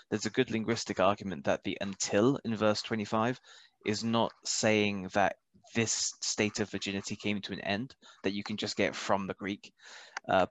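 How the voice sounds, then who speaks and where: A man's voice: on the low side, no echo. A man in a casual Bible study discussion, thinking aloud and asking the teacher questions. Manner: thinks aloud with fillers and restarts.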